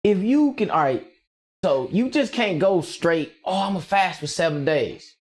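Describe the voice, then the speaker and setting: A man streaming casually, rambling excitedly with lots of slang and frequent laughter as he reacts to his chat. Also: high voice, moderate pace. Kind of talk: casual livestream rant.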